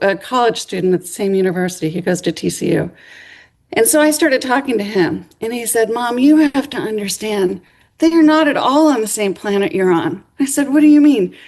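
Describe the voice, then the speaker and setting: Brief: middle-aged woman lecturer, slightly high voice, vivid storyteller who acts out the quotes. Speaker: speaker. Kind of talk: university lecture.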